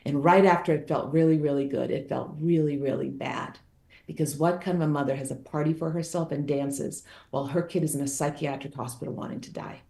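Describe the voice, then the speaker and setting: A woman's voice: low-pitched, fairly even intonation, fairly quick, vocal fry, mellow, roomy sound. A woman guest author tells a personal story, candid and emphatic, repeating phrases for effect.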